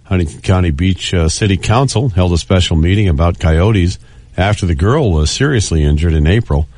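A male co-host reading strange news stories in a relaxed, unhurried way, pausing with uh now and then. His voice sits on the lower side, and the studio sound is close and dry. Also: no room sound. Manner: relaxed, fills with uh. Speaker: radio co-host. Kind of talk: reading news items casually.

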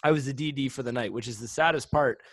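A man's voice: mid-range voice, fast, no room sound. A young man, a little drunk, rambling through a story in casual chat, with lots of restarts. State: tipsy from drinking. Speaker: guest storyteller.

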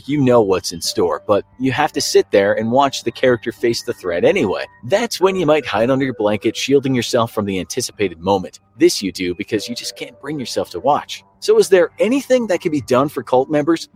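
Man narrating a scripted explainer. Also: mid-range voice. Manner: steady explanatory delivery that addresses the listener directly.

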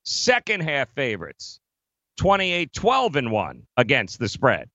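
Male co-host, lively and bright, emphatic betting chat, dull dry studio sound. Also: mid-range voice, measured pace, dry recording. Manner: emphatic, laughs often, addresses co-host by name. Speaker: sports betting show co-host. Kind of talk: casual sports betting talk.

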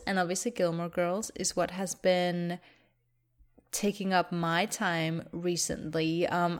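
Lady hosting a pop culture podcast, kinda low voice, chatty and quick to laugh. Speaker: podcast host. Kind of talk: casual podcast chat.

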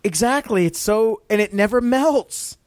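A middle-aged man co-hosting a podcast, chatting casually in an excited, rambling way and acting out quotes. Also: high-pitched, unhurried, dry recording. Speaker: podcast co-host. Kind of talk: casual chat.

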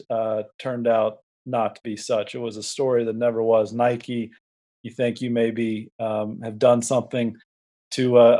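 A man co-hosting a sports podcast, talking in a measured, hesitant way. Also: medium pitch, darkish tone. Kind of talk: casual sports chat.

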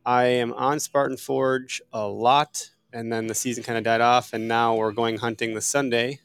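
A man's voice: mid-range voice, little pitch movement, moderate pace, fairly bright tone, smooth, no room sound, faint music behind. A man with an Upper Midwest American accent hosting a podcast in loose, joking banter, laughing and fighting a cough. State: coughing, asthmatic. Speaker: podcast host.

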